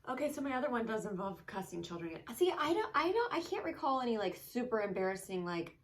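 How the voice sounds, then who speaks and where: A woman in her thirties co-hosting a casual chat, telling animated stories and acting out her child's voice. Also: a little high, quick pace. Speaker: co-host.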